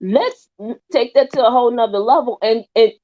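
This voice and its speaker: A woman talking in a casual podcast chat, emphatic and animated, sometimes drifting off topic. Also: on the high side, a little fast. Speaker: guest. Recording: dull lo-fi audio.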